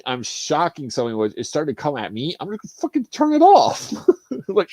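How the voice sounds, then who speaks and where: A man chatting casually on a livestream, animated and swearing, acting out film scenes with laughter. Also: on the high side, normal speed, no echo. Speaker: streamer.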